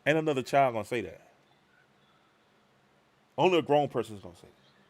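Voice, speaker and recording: Animated man telling a story on a live stream. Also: mid-range voice, fairly quick. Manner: animated, acts out both sides of conversations. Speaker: show host.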